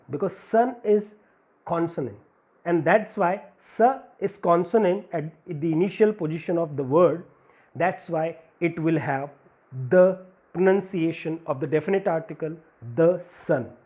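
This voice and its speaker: High-voiced teacher. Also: male voice, a little mellow. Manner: patient, repeats and lists examples to stress each rule. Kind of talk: grammar lesson for school students.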